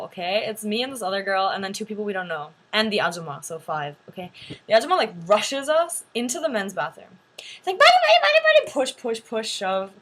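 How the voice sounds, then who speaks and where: A young woman vlogger telling a story to camera in a chatty way, full of "like" fillers. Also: medium pitch. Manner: chatty, animated, many "like" fillers.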